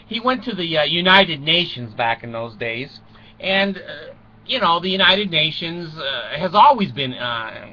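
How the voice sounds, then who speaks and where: Chuckling older man, high bright voice. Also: muffled recording. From United States. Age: 60s. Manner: chuckles through his own jokes. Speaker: storyteller. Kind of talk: rambling comic monologue.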